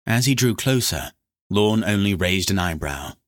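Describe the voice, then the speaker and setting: A man narrating a fantasy novel in a steady, scripted storytelling read. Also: on the low side, a little slow, no echo, studio quality. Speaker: audiobook narrator.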